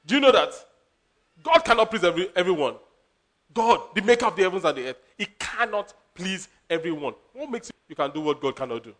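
A man preaching a sermon as a pastor, animated, laughing and acting out quotes. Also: sits high, a little fast.

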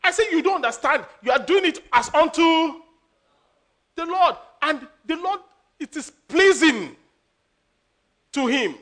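A man preaching a sermon as a pastor, animated, laughing and acting out quotes. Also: very high voice, unhurried, pauses often.

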